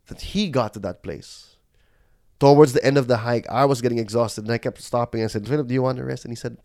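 A man's voice: medium pitch, fast, creaky, a little mellow, no echo, clean studio sound. A man giving an earnest, sermon-like leadership talk as a podcast host, telling stories with animation. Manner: switches into Tagalog phrases.

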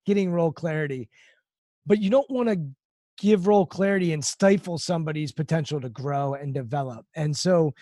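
A man's voice: brisk, mellow, no room sound. A man hosting an interview, cutting in with probing questions about mindset. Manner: probing, cuts in to dig deeper. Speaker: podcast host.

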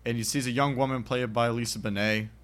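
Recapping a movie on his podcast, this co-host rambles through the plot in casual chat, performing characters' lines and breaking into laughter. He talks fast in a steady, somewhat bright mid-range voice.

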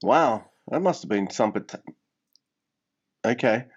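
A man co-hosting a podcast, joking around in a hesitant, self-deprecating manner. His mid-pitched voice comes through dull and lo-fi. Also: lively intonation, measured pace, slightly rough. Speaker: podcast co-host. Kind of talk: casual podcast chat. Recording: dull lo-fi audio.

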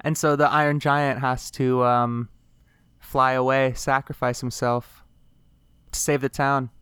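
A man co-hosting a podcast, recapping a film with quick joking asides. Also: mid-range voice, little pitch movement, a bit bright, clean tone, dry recording. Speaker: podcast co-host. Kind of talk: casual chat recapping a film.

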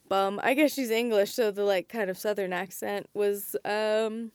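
Animated podcast woman, dry close sound. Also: medium pitch, a little slow, few pauses, smooth, no room sound. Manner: animated, laughs often, trails off mid-sentence. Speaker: podcast co-host. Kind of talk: casual chat.

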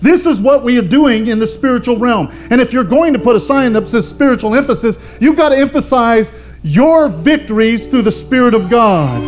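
A man's voice: very high voice, expressive, normal speed, over music. An older man, a pastor, preaching a fervent sermon and calling on the congregation for amens. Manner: fervent preaching with call-and-response.

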